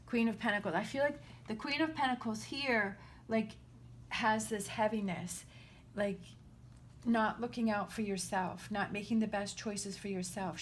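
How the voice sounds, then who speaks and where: A woman's voice: medium pitch, a bit bright, slight background noise. Earnest, reassuring woman reading tarot. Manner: earnest and reassuring, often checking in with the listener. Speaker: tarot reader. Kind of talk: casual spoken tarot reading.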